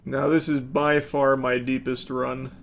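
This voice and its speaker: A man doing let's play commentary, shouting and swearing at the game and then dropping to low, dry asides. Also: level tone, unhurried, gravelly, a little hiss or hum. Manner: drops to low, dry asides between outbursts. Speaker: gaming streamer.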